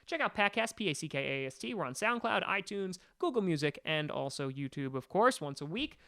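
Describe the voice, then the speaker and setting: A man's voice: high-pitched, big pitch swings, fairly quick, sharp tone. A man hosting a sports podcast, ranting in an exasperated, emphatic way. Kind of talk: opinionated sports rant.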